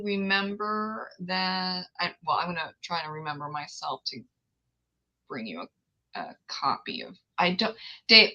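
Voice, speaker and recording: Bright-toned woman chatting on a livestream. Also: on the low side, unhurried, muffled recording. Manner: chatty, scattered, laughs often. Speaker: author hosting a book launch livestream. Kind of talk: casual livestream chat.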